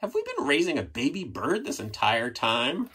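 Man doing a gentle storybook parent dog, higher voice, reassuring tone. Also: huge pitch swings, moderate pace, breathy edge, exaggerated voice. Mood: tender.

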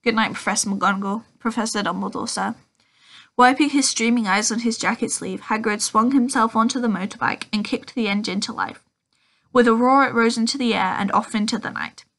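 Woman reader, fairly high voice, amateur read-aloud with frequent slips and self-corrections. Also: fairly quick, fairly bright tone. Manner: stumbles and corrects herself often. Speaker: audiobook reader. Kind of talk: children's book read-aloud.

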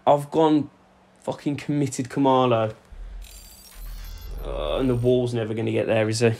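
A young man giving excitable, sweary commentary over a football video game, shouting at his players. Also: mid-range voice, a little slow. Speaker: gaming YouTuber. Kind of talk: live gameplay commentary. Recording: faint music under voice.

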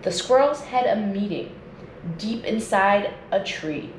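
Slow, expressive woman reading a storybook. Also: medium pitch. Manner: slow, expressive read-aloud. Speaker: nature educator. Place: indoors at home. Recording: echoey room with faint noise.

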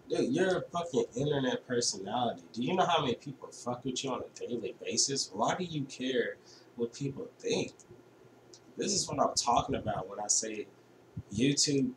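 A man's voice: medium pitch, roomy sound, recorded from a distance, background noise. A man hosting a reaction video, casual and profane, saying dude a lot. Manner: laid-back, profane, says dude a lot.

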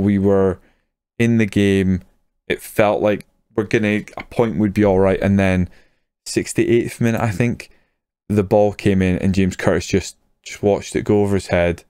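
A man's voice: lowish voice, clear, resonant tone, no room sound, studio quality. A young man, casually commenting on his own football management game and getting worked up over goals. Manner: excitable, swears when a goal goes in. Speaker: gaming YouTuber.

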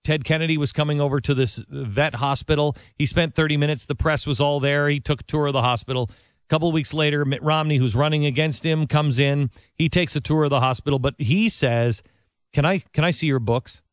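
A man hosting a talk show, telling a story in a conversational monologue with restarts and asides, sometimes dropping his voice low and soft for quoted lines. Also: steady tone, brisk, smooth, no room sound, clean studio sound.

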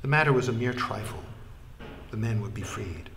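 A man narrating an audiobook in a measured way, trailing into a breathy hush at phrase ends. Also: fairly low pitch, expressive, slight background noise.

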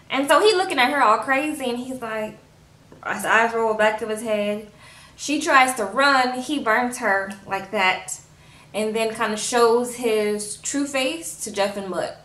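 A woman's voice: on the high side, a bit bright, distant mic. A woman recapping a TV episode in a casual, chatty way, acting out the characters' lines as she goes. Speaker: TV episode reviewer. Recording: roomy echo, a bit off-mic.

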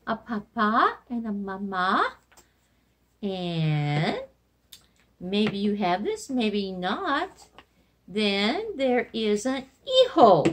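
A woman's voice: a little high, fairly bright tone. A woman teaching a remote Spanish lesson to young children, in a sing-song, encouraging way, repeating words for them to learn.

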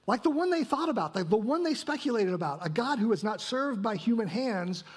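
A man's voice: high voice, husky. A male pastor delivering a sermon, asking rhetorical questions and tagging points with "right?". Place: church sanctuary.

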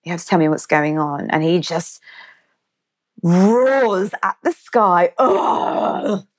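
A woman's voice: on the low side, expressive, slow. A woman in her thirties with an English accent, a podcast guest vividly retelling a personal story and acting out the quotes. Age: 30s. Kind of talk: conversational storytelling.

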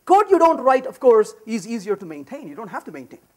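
A man giving a lively conference talk on programming, emphatic and full of anecdotes. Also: very high-pitched, a little fast. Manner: animated, emphatic, storytelling. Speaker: conference speaker. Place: conference session room.

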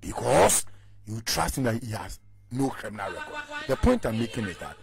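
A man's voice: medium pitch, very animated, moderate pace, gravelly. A Ghanaian man speaking as a guest on a radio talk show, arguing his political point with passion and mixing Twi with English.

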